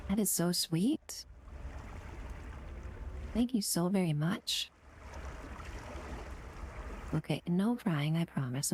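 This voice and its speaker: Woman streamer, low voice, casual chat to viewers, breathy whispered asides, faint hiss behind. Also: a little mellow. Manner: gushing, sweet thank-yous. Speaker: live streamer.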